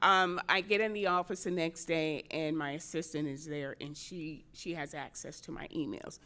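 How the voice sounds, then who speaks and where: A middle-aged state senator with a deep voice talks at a normal speed, telling a convention audience a personal story. She brings it to life with frequent laughs and by acting out what people said.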